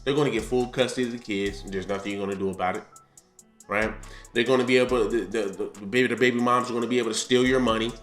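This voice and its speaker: A man's voice: mid-range voice, steady tone, fast, fairly bright tone, echoey room, soft background music. A man hosting a blunt, ranting commentary on clips, repeating his points. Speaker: commentary host. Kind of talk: reaction commentary.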